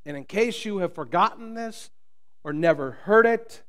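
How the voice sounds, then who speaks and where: A man preaching a sermon as pastor, swinging from loud, booming lines to quiet hushed ones and joking with the congregation. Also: expressive, moderate pace. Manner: jokes with the congregation. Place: church.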